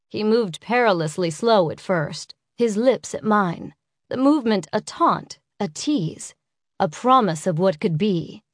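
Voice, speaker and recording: Female audiobook narrator, mid-pitched, intimate and unhurried, dry close recording. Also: no room sound. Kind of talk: first-person romance audiobook narration.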